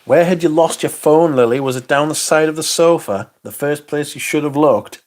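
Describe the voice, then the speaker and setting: A man hosts a livestream, chatting casually and rambling through viewer comments with frequent chuckles and the odd swear word. His voice is fairly high and his pace moderate.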